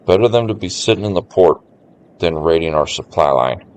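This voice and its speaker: A man with a low voice and lively intonation streams a strategy game, thinking aloud and musing to his viewers as he plans each move. He talks fairly quickly, the recording is muffled, and faint game music plays behind him.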